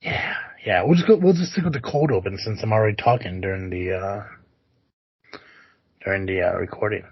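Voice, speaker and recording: Podcast co-host: a man with a husky voice, loose and profane, on a dull, muffled recording. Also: on the low side, normal speed, no room sound. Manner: loose, swearing, rambling with fillers. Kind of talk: casual chat.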